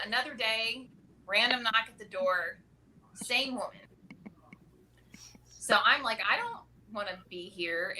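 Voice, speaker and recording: Chatty woman telling a story, lots of likes and rights, noisy clicky background. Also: medium pitch. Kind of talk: casual storytelling. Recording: clear background noise with clicks.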